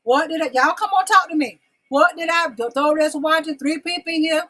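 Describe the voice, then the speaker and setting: A woman's voice: high-pitched, a little fast, sharp tone, rough recording. A woman hosting her own live-stream talk show, chatting casually with viewers and coaxing them to answer in the comments, repeating her questions. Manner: folksy, addresses viewers as y'all and babies.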